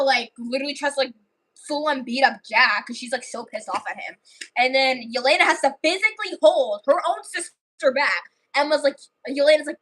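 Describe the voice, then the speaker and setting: A woman's voice: sits high, a bit bright, low-quality recording. A woman livestreaming, telling a story in a rambling, casual way full of fillers and restarts.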